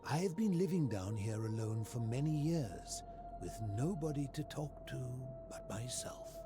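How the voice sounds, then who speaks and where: A man's voice: medium pitch, lively intonation, natural voice. A man voicing a lonely old philosopher hermit. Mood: courteous. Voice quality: measured, formal, questioning delivery. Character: lonely aging male philosopher hermit, courteous and probing. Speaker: game character. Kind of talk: video game voice acting. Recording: game audio with soundtrack music. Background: game music.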